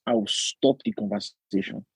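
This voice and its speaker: A young man with a Nigerian accent, co-hosting a podcast in casual chat, animated and often acting out other voices with laughter. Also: fairly low pitch, moderate pace, breathy edge, dry recording. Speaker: podcast co-host.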